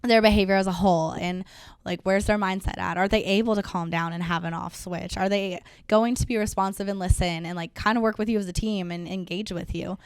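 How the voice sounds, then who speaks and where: A woman's voice: fairly even intonation, brisk, smooth, no room sound, clean studio sound. A young woman dog trainer talking in a casual interview, upbeat and filling her speech with "like". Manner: upbeat, uses "like" a lot, acts out dogs and owners in higher voices.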